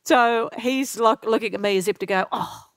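A middle-aged woman telling lively anecdotes as an interview guest, acting out what others said. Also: a little high, a little fast, clear, resonant tone, no room sound. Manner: lively anecdotal storyteller, acts out quotes. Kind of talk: storytelling interview.

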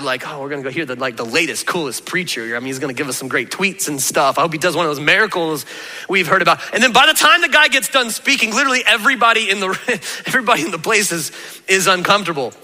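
Lively preaching man in an echoing hall. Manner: animated, conversational preaching with sudden jumps in pitch. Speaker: pastor. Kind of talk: sermon.

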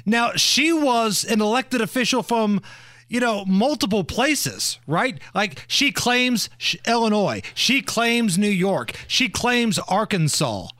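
A man hosting a political talk podcast, sarcastic and quick to laugh. His voice sits high and swings widely in pitch. The recording is dry and close. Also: expressive, sharp tone, no echo. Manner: mocking, laughs often. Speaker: podcast co-host. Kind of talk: casual political commentary.

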